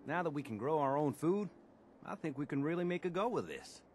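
An actor playing a steady, practical male settler in a video game, speaking calmly and matter-of-factly. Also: fairly high pitch, fairly quick, breathy edge. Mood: plain. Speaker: game character.

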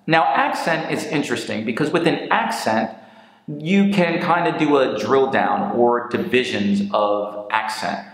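A man's voice: medium pitch, animated, a little slow, fairly bright tone. A man who is a native English speaker, giving an English lesson in a patient way and asking and answering his own questions. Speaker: English teacher. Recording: very echoey room with long reverb.

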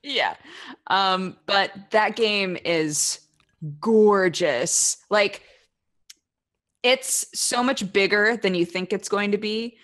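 A woman's voice: medium pitch, slow, a bit bright. A woman co-hosting a podcast in casual chat, talking loosely with lots of fillers, on a desk microphone. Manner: chatty and loose, with many fillers. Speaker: podcast co-host. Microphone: USB desk microphone.

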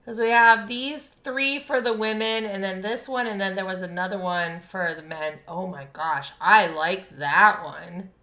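Woman, game streamer, bubbly, bright voice, unhurried, roomy echo. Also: medium pitch. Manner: bubbly, reads and thanks chat, laughs often. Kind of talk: live game stream chat. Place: home room.

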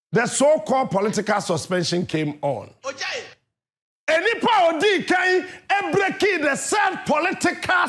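A Ghanaian man tells his story with a very high voice. His pitch swings widely as he shouts and acts out other people's lines. He sounds like a seasoned radio host. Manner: emphatic, often shouting and mimicking others. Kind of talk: animated storytelling monologue.

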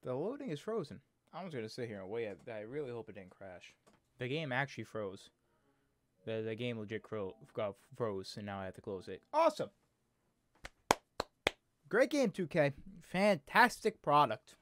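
A man's voice: lowish voice, lively intonation, brisk, a little hiss or hum. A man giving casual gameplay commentary while playing a basketball video game, often exasperated and complaining aloud at the game.

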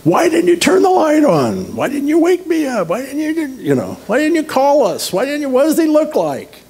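A man mimicking a shrill, exasperated scolder. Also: huge pitch swings, warm tone, exaggerated voice. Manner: shrill, nagging, rapid-fire questions. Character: exasperated shrill scolder, person close to him.

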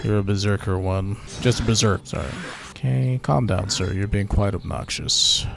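A man hosting casual gameplay commentary, relaxed and chatty as he thinks aloud while playing. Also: on the low side, normal speed, creaky. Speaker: gaming channel host.

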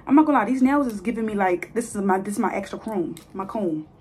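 A woman's voice: mid-range voice, fast, a little mellow. Chatty young woman vlogging hair. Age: 20s. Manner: chatty, playful, talks straight to viewers. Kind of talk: casual chat while styling a mannequin's hair. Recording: phone video with faint noise.

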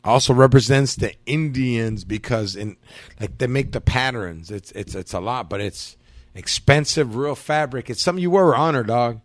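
A man's voice: mid-range voice, normal speed, no room sound, clean studio sound. A man hosting a podcast, telling profane, slang-heavy stories in casual chat. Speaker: podcast host.

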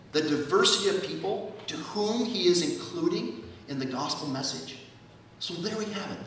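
Preaching as pastor in a church sanctuary, a man with a high, bright, forceful voice asks rhetorical questions and repeats key words for emphasis. He is captured from far off in an echoey hall with slight background noise.

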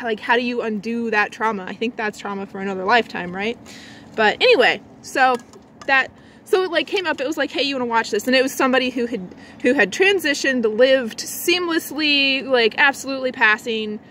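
A woman rambles through a casual vlog, filling her talk with likes and restarts. Her voice sits a little high but drops into a low, lazy register before jumping back up. Faint outdoor noise hums behind her. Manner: swings between a low lazy voice and a bright high one. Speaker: vlogger.

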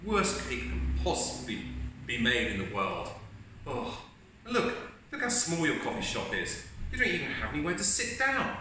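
Guy putting on a cranky complaining coffee customer, kinda bright edge, super echoey room, mic far off. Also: fairly high pitch, huge pitch swings, normal speed, heavily acted. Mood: scornful. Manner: rude, scornful, dismissive. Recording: echoey room, distant mic, faint hiss.

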